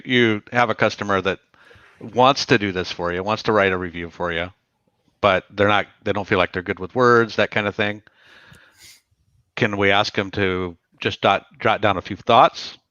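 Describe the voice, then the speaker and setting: Low-voiced man on dull call audio. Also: bright, forceful tone, no room sound. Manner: casual, curious questioner. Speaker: show host. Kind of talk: casual interview chat.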